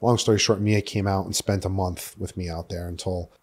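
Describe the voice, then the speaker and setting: A young man from New York City with a fairly low voice tells his story as a podcast guest. He rambles, swears often and fills his sentences with "like". It sounds candid and unscripted. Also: steady tone, brisk, darkish tone. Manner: rambling, profane, filler-heavy with "like".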